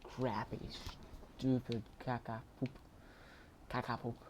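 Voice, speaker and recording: A man casually commentating his own video game play, chatty and bursting into excited shouts. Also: medium pitch, takes it slowly, a little hiss or hum. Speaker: gaming channel host.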